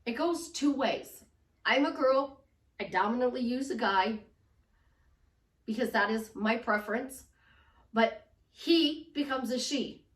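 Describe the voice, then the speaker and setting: A woman's voice: fairly high pitch, a bit bright, reverberant, far from the mic. A woman life coach giving an upbeat, emphatic motivational talk. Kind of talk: motivational vlog monologue.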